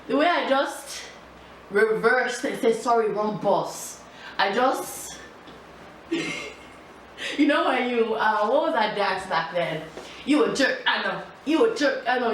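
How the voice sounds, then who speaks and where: A young woman vlogger telling a casual storytime in an animated, chatty way, full of slang and laughter. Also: a little high. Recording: echoey room, distant mic, faint hiss.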